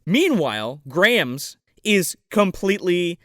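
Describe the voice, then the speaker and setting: Excitable high-voiced man riffing crudely. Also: takes it slowly, no echo, clean studio sound. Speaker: podcast co-host. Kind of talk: casual comedic movie review chat.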